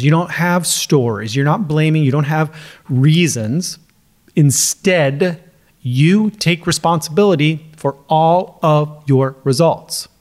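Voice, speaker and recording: Upbeat, chatty male podcast coach. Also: a little high. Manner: conversational, chatty, laughs now and then. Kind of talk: casual solo podcast talk.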